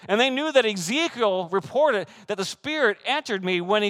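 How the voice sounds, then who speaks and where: A male pastor delivering a sermon, his voice sitting a little higher than most men's. He preaches with animated, excitable energy, slipping into quoted voices and light laughs as he goes. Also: normal speed, few pauses.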